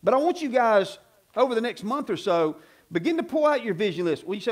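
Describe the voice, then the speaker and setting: A high-pitched man preaches in a church. He talks plainly and folksily, pushing into loud, emphatic bursts when he drives a point home. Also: sing-song, brisk. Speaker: pastor. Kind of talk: sermon. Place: church sanctuary.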